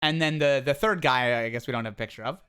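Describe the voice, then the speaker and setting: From a home office, a streamer chats casually on a live stream, showing photos of a new home. The voice is medium-pitched, clear and resonant, and moves quickly, rambling with frequent restarts and animated quips.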